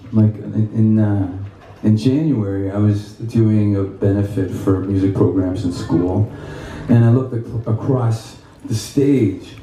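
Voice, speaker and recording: A man giving a guitar clinic, telling animated stories to an audience with laughter and quoted voices. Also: fairly low pitch, slight background noise. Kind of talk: casual storytelling to an audience. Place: music store clinic in front of an audience. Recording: echoey room, mic from a distance.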